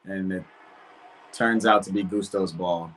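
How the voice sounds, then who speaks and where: A man hosting a live football watch-along from home, reacting loudly to the match and chatting with viewers. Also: low voice, a little slow. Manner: excitable, shouts at big chances, chatty with chat. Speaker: watch-party streamer.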